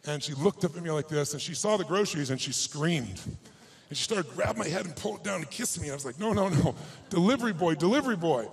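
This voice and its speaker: A man's voice: a little high, animated, quick pace, vocal fry. A middle-aged man giving a live motivational talk, telling a personal story with emotion and urging his audience on. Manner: emotional storytelling, emphatic and exhorting. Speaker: motivational speaker.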